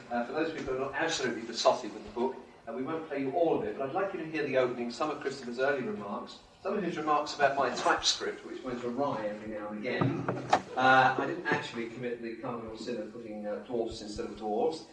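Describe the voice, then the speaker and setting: A man's voice: medium pitch, quick pace, a crowd in the background. A man talks casually to an audience, chatty and wry, with light jokes thrown in. His voice rings around a roomy hall. The mic picks him up from some distance away. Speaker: presenter at a live event.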